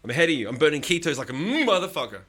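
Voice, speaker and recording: A man's voice: on the high side, very animated, racing, fairly bright tone. A man hosting a live stream, chatting casually with his viewers, swearing often and teasing them with bursts of laughter.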